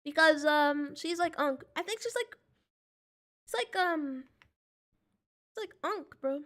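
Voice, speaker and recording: A woman's voice: high-pitched, lively intonation, takes it slowly, fairly bright tone. A young woman streaming a game, chatting in a joking, slangy way and laughing often. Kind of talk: casual gaming stream chat.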